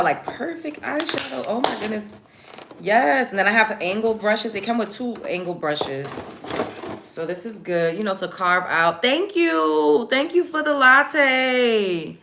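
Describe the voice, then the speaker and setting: A woman hosting a casual get-ready-with-me live stream, chatting directly to her viewers in an animated way. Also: mid-range voice, moderate pace, noisy background.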